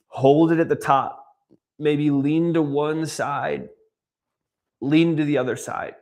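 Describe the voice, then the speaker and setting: A man coaching a guided breathwork class, calmly cueing breaths and counting down holds. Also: medium pitch, slow pace. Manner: calm, counts down and cues breaths.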